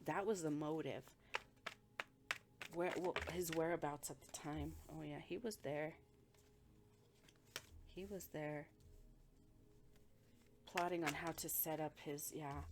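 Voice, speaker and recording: A woman's voice: low-pitched, fairly even intonation, slow pace, long pauses, noisy background. A woman giving a blunt, profane intuitive reading, talking emphatically as she reads the energy of the people involved. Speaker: spiritual reader.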